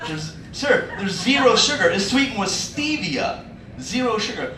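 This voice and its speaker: A man's voice: high-pitched, lively intonation, a little fast, a little hiss or hum. A man performing a stand-up comedy set, acting out the voices of people in his stories. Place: comedy club stage. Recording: echoey club, mic far, loud crowd laughter.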